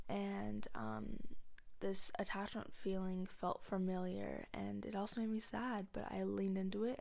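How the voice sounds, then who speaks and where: Blunt, gravelly-voiced young woman podcaster. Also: medium pitch. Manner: blunt, profane and rambling, often dropping to a soft near-whisper. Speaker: podcast host. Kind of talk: candid confessional monologue.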